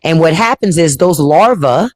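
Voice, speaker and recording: Brief: outspoken woman host, animated pitch, dry close sound, casual livestream talk. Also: normal speed, no room sound. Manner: blunt, profane storyteller.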